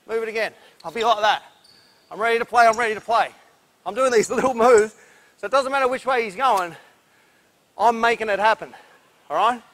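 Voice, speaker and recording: A high-voiced Australian man runs a basketball clinic on an indoor court. He talks through defensive moves while demonstrating them and huffs from the effort. His delivery is energetic and instructive. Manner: energetic, instructive, breathless from drills. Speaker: basketball coach.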